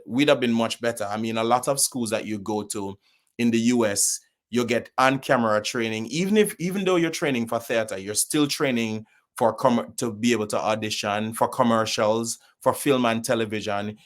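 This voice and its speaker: A middle-aged man from Jamaica with a Jamaican accent, a podcast guest speaking with animated, opinionated conviction in casual conversation. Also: mid-range voice.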